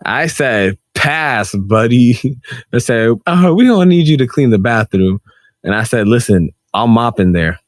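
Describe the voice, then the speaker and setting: A man's voice: a little slow, dry recording, studio quality. A man co-hosting a casual podcast, telling stories and acting out other people's lines. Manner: animated storytelling, acts out quotes with high squeals. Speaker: podcast co-host. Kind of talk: casual argumentative chat.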